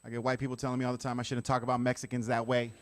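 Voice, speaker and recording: A man doing a stand-up set, conversational with deadpan punchlines. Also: medium pitch, rapid-fire, a little hiss or hum. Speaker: stand-up comedian.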